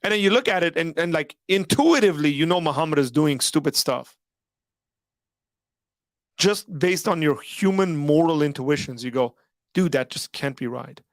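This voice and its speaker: A man's voice: fairly high pitch, animated, normal speed, no room sound, studio quality. A man hosting a live call-in stream, talking casually with lots of "like" and "right?", his voice worn from hours of talking. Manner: rambling, filler-heavy, frequent "like" and "right?". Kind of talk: casual livestream talk.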